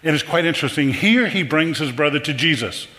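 A man's voice: on the high side, expressive, a little fast, pushed and bright. A man preaching a conversational sermon, repeating words and asking the audience questions. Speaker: pastor. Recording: long hall reverb.

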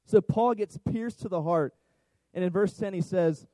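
A man's voice: high-pitched, normal speed, dark tone, no room sound, poor audio. A middle-aged man preaching a sermon, talking conversationally and asking the congregation questions. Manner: conversational, asks the crowd questions. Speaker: pastor.

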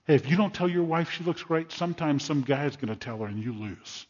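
An older male pastor delivers a sermon, pressing his points with emphatic repetition and personal stories. His voice is a little husky, of middling pitch. The recording sounds dull and lo-fi. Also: brisk, few pauses, darkish tone. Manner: emphatic preaching with storytelling asides.

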